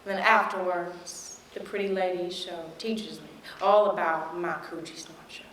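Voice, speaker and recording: Young woman telling a frank, wry memory, slowly. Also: lowish voice, slight background noise. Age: young adult. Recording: echoey room.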